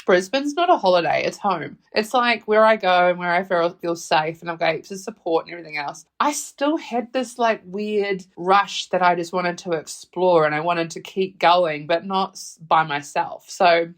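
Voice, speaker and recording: A woman telling a travel story as a podcast host, animated and quick to laugh, swearing freely and acting out her own reactions. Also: on the low side.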